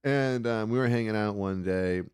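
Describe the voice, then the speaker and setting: A man's voice: fairly low pitch, normal speed, a little mellow, clean tone, dry recording, clean studio sound. A man telling a rambling, profane story in casual chat on a comedy call-in podcast.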